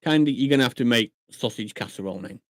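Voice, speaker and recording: A man's voice: mid-range voice, fast talker, no room sound, studio quality. A man from Shropshire, chatting casually on a live stream, swearing and laughing often. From England, Shropshire. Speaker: livestreamer.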